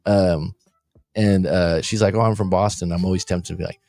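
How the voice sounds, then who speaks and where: Low-voiced man rambling on a livestream. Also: steady tone, normal speed, creaky, darkish tone, no room sound. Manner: rambling, jokey, reads chat aloud. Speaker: coaching show host. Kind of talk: casual livestream chat. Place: room by street windows, abroad.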